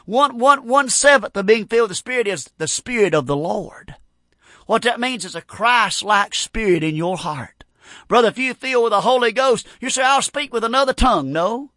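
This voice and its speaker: A man preaching a fervent, folksy revival sermon, breaking into shouts. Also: sits high, animated, moderate pace, no room sound, clean studio sound. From North Carolina. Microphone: broadcast on radio.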